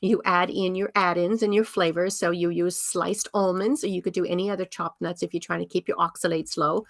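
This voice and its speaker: A woman's voice: fairly low pitch, fairly even intonation, a little fast, no room sound, studio quality. A woman over fifty, a health coach giving a casual workshop talk, chatty and rambling with many ums and restarts.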